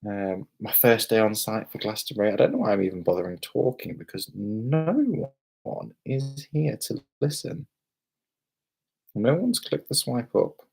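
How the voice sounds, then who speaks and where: A man's voice: fairly low pitch, expressive, a little slow, gravelly, a little mellow, husky. A young British man, tipsy from beer, rambling and exclaiming as he chats on a live stream from a hotel room. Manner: rambling, exclamatory, self-mocking. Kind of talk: casual live-stream chat.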